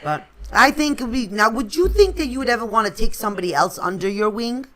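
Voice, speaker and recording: Co-host: woman, effusive, gushing compliments, lively bright voice. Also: on the high side, brisk. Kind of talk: casual chat.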